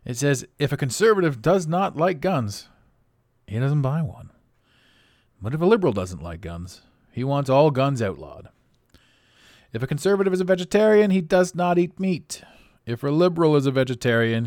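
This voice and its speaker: A man's voice: normal speed, dry recording, clean studio sound. A man hosting his own podcast in a casual monologue, rambling and self-amused, often laughing. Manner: animated pitch swings. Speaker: podcast host.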